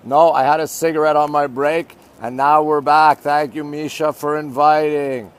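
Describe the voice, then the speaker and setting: A man's voice: on the high side, little pitch movement, moderate pace, smooth. Chatty man greeting livestream viewers. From Canada. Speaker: livestream host. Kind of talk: casual livestream chat. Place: outdoors at night overlooking city skyline. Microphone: phone.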